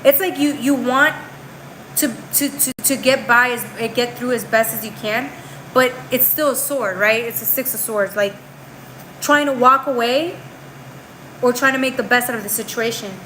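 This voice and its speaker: A woman reads tarot live in a slangy, talkative style, addressing the viewer as girl and bro and ending lines with "right?" She frequently restarts or lets phrases trail off. Her bright, forceful voice is on the high side at a moderate pace, and the rough recording has slight background noise.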